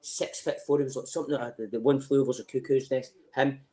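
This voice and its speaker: Fast-talking Scottish man spinning yarns. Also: medium pitch. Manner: animated, swears freely, laughs between lines. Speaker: podcast guest. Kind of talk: casual anecdote telling.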